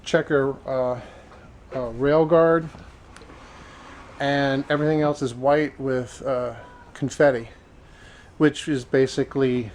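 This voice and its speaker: A man chatting casually in a vlog, retelling his errands in an animated way. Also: medium pitch, slow, long pauses, slight background noise, rough recording. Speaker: vlogger.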